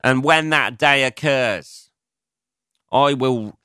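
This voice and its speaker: Swearing comedian, bright crisp voice. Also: male voice, takes it slowly, dry recording, studio quality. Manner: swearing, self-mocking, answers his own asides in a higher voice. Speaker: comedian and podcast host. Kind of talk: casual solo podcast monologue.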